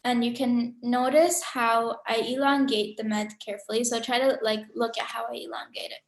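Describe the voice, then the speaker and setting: A woman's voice: on the high side, level tone, moderate pace, reverberant. A woman teaching a Quran recitation class over a video call, chatty and full of filler words. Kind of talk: casual online class teaching.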